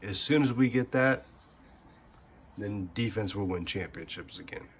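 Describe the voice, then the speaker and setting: A man's voice: on the low side, a little slow, breathy edge. A young man giving casual gaming commentary, ranting in a heated, profane, rambling way. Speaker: gaming channel host.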